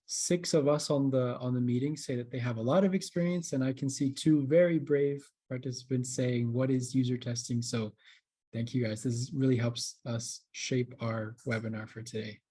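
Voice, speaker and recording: A man's voice: medium pitch, moderate pace, warm tone, slightly rough. A man hosting a live webinar, talking straight to the audience in an upbeat way over a video call mic. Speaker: webinar host.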